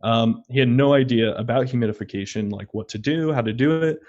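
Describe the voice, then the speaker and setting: A young man chatting on a podcast, recounting a run-in with a customer in an easygoing, animated way. He slips into the voices of the people in his story and laughs as he goes. His pitch sits in an ordinary middle range for a man. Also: fairly quick, muffled recording. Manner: animated, acts out both sides of conversations, laughs often. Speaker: podcast guest, luthier. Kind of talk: casual storytelling.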